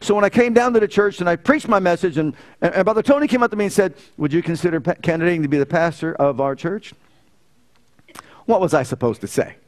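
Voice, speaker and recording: In a church, a male pastor preaches a sermon at a quick pace in a slightly high voice. He tells stories, building to loud emphasis before dropping into quiet, earnest lines.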